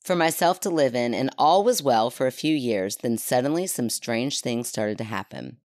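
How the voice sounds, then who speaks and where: Low-voiced chatty woman podcast host. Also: expressive, a little mellow, no echo, studio quality. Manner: chatty, laughing, quick asides. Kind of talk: casual chat and reading a listener story.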